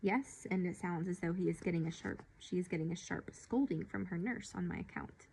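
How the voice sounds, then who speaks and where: Wanita membacakan perwira Romawi muda yang lembut. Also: female voice, on the low side, brisk, vocal fry, a little hiss or hum, low-quality recording. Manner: quiet, slightly anxious. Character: young Roman officer, gentle and earnest.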